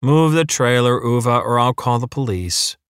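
A man voicing a calm, superior male council official who talks down to people. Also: mid-range voice, fairly quick, no room sound, clean studio sound, close to an everyday voice. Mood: smug. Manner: superior, unwavering.

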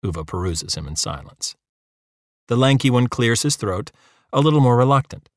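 A man reading narration for an audiobook in a measured storytelling manner. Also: medium pitch, animated, dry recording, clean studio sound. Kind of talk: scripted narration.

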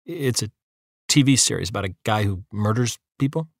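A man's voice: fairly low pitch, expressive, moderate pace, creaky, no room sound, studio quality. A man voicing an awkward, clumsy lanky young man who stammers and hesitates in an audiobook. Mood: sheepish.

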